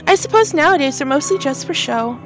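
A woman's voice: sits high, lively intonation, a little fast, fairly bright tone, soft background music. A scheming female coworker from a horror game speaks in a falsely casual, offhand way, as a woman puts her on. Her tone is light, but the words are meant to sting. The voice stays close to the performer's own.

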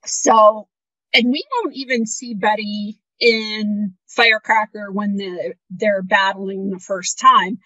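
A woman with a bright, clear voice talks casually as a podcast co-host, sounding incredulous and exasperated. The recording is dry, with no room sound, and a little dull and lo-fi. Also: medium pitch, steady tone, takes it slowly, dry recording. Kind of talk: casual fan discussion.

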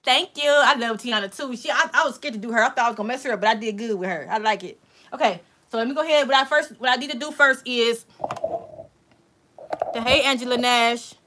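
A woman hosting a casual live-stream crafting tutorial, chatty and excitable, talking straight to her viewers. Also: on the high side, quick pace, a little hiss or hum. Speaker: crafting channel host.

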